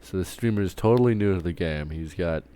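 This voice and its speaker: A man's voice: low-pitched, a little fast, dark tone, smooth. A man streaming live, ranting casually with lots of swearing and stumbling restarts. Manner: profane, rambling, restarts often. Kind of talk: casual rant while streaming.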